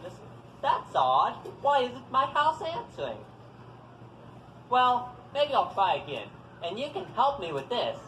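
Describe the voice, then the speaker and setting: A man telling folktales live to an audience, animated and coaxing listeners to join in. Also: extremely high pitch, a little slow. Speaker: storyteller. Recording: echoey hall, faint background noise.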